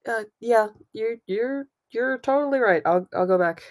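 A woman's voice: a little high, expressive, moderate pace. A woman playing a tabletop game, hesitantly narrating her character's actions with frequent restarts.

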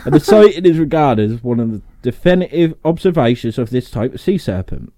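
Lively joking man, dry close mic. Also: medium pitch, a little fast, no echo. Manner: joking, swearing, laughs often. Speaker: podcast host. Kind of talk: casual podcast chat and reading.

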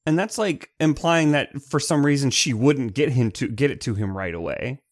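A man's voice: medium pitch, normal speed, no echo, studio quality. A man co-hosting a podcast who argues his point with plenty of swearing. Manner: argumentative, profane. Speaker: podcast co-host. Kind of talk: casual recap chat.

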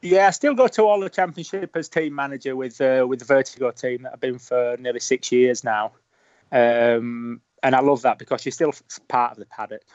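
A man's voice: mid-range voice, fairly quick, darkish tone, dry recording, dull audio. A man with a Yorkshire accent, a guest talking easily and at length over a remote call. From Yorkshire, England. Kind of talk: casual interview.

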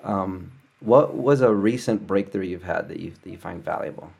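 A man's voice: sits low, moderate pace, vocal fry, darkish tone, husky. A man hosting a casual conversation, chatty, loose and enthusiastic. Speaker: podcast host.

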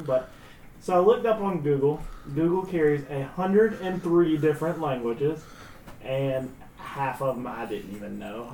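A man hosting a relaxed, joking group chat. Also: mid-range voice, slight background noise. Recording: echoey room, mic at a distance.

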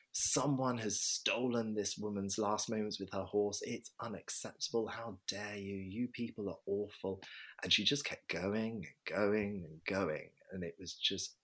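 Male vet, low and husky, earnest reflective storyteller in an interview. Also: fairly bright tone. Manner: earnest, reflective, acts out quoted voices.

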